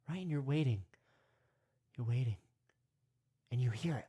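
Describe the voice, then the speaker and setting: A man leading a parody guided meditation, rambling with constant "you know" and "right?", sometimes dropping to hushed whispers. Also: fairly high pitch, sing-song, moderate pace, long pauses, breathy edge. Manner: drops to hushed whispers at times.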